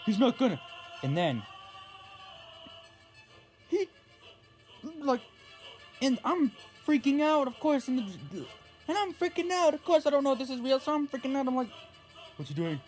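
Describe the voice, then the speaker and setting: A young man telling a story on his vlog in a casual, rambling way, full of restarts and animated outbursts. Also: extremely high pitch, normal speed, long pauses, faint music behind. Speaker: vlogger.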